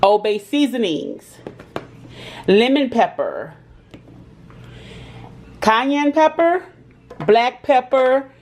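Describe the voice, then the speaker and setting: Female cooking vlogger, mid-pitched, chatty and laughing, speaking to viewers from her kitchen. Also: slight background noise. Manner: chatty, laughs often, talks straight to viewers. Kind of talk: casual cooking chat to viewers.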